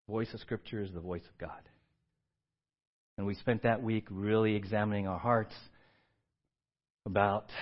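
A man's voice: a little high, muffled recording. A male pastor preaching a conversational sermon, often checking in with the congregation.

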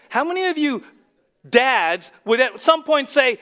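A male pastor preaching a sermon, dropping to a near whisper and then rising to loud, emphatic lines. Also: very high-pitched, sing-song, unhurried. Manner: swings from hushed to loud and emphatic.

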